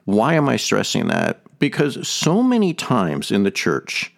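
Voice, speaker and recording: A low, gravelly male voice with a lively, rising and falling delivery. He hosts a podcast and teaches earnestly, circling back to stress his main point again and again. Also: a little slow. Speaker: podcast host. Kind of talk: teaching talk on a faith topic.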